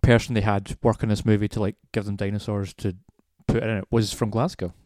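A man's voice: fairly low pitch, little pitch movement, a little fast, darkish tone, dry recording, studio quality. A man co-hosting a casual film review podcast, talking in a blunt, sweary, scoffing way. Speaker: podcast co-host.

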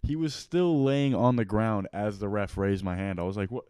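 A man's voice: fairly low pitch, normal speed, smooth, no echo, studio quality. A young man, a fighter telling his story in casual chat, full of "like" fillers. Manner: animated storytelling, lots of "like" fillers. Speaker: fighter guest.

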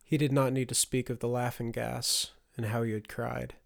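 A man narrating a fantasy audiobook in a measured, dramatic storytelling manner. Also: mid-range voice, level tone, creaky. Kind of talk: scripted narration.

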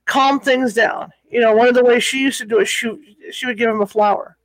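A man co-hosting a casual conversation, asking clarifying questions in a soft-spoken way. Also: very high-pitched, fairly even intonation, brisk, dry recording, low-quality recording.

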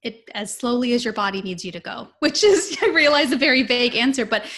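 A woman speaking as a guest specialist in a podcast interview, explaining in a calm, measured way. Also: a little high. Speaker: guest, high-risk pregnancy specialist.

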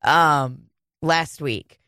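A woman in her thirties from Kansas City, telling a casual, profane, animated story on a podcast. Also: low-pitched, drawn-out words, no echo. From Kansas City, United States.

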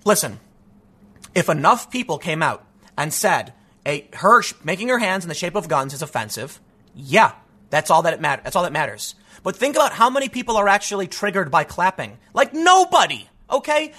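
Guy ranting on his commentary show, sarcastic and mocking, bright sharp voice. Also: high voice, breathy edge. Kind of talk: opinion commentary monologue.

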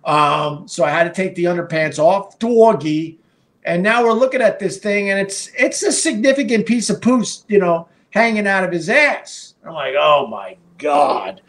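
A man's voice: high voice, lively intonation, normal speed, a bit bright. A middle-aged man hosting a live stream, telling a story casually with a rambling, profane delivery full of fillers and restarts. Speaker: podcast and live stream host.

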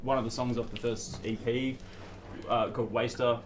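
A man recounting his band's beginnings in casual chat, relaxed and a little hesitant. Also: mid-range voice, moderate pace, noisy background. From Australia. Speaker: band member guest.

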